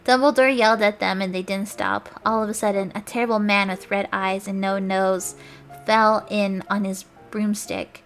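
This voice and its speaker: A woman's voice: mid-range voice, moderate pace, faint music behind. Laughing young woman streamer reading aloud. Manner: animated mock-dramatic reading, stumbles over words, laughs.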